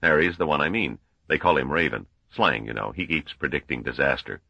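A man's voice: rumbling low, brisk, creaky, pushed and bright, husky, dry recording, highs cut off, heavily acted. A man voicing a genial but shrewd male stranger who talks in a chatty, knowing way.

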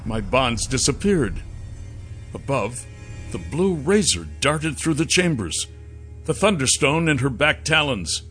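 A man narrating a first-person fantasy audiobook with a dramatic, expressive reading. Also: mid-range voice, measured pace, soft background music.

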